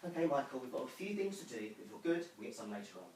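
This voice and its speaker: A man's voice: medium pitch, big pitch swings, fast, far from the mic, natural voice. A man quoting his mother as she firmly scolds her young son, heard from across a roomy living room. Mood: patient. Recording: roomy living room from afar, faint noise.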